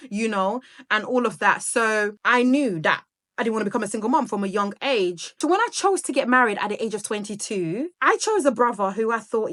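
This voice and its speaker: Speaking a little fast with lively intonation, a woman in her thirties from Sierra Leone chats and rambles to the camera for her vlog viewers. Her voice is slightly high and a bit bright.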